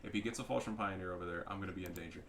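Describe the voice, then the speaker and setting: A man giving casual, profane commentary over a strategy game, getting loud and excited at big plays. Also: low voice, very fast, background noise. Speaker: gaming commentator.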